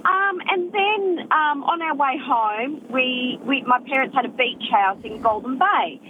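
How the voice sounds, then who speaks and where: A woman's voice: high voice, animated, a little slow, phone-quality sound, a little hiss or hum. A woman calling a radio show and telling a story with many "you know"s. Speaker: caller.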